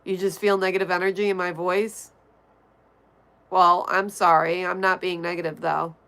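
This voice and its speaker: A woman's voice: on the low side, little pitch movement, normal speed, gravelly, fairly bright tone. A woman streamer reading her chat aloud and answering it bluntly and offhandedly, vaping between remarks. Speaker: livestreamer. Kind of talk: casual chat reading viewer comments.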